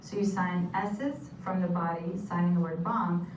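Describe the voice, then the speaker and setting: A woman's voice: fairly low pitch, fairly even intonation, moderate pace. A woman teaching sign language vocabulary, patiently saying each term and repeating it. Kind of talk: instructional explanation. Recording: echoey room from a distance with noise.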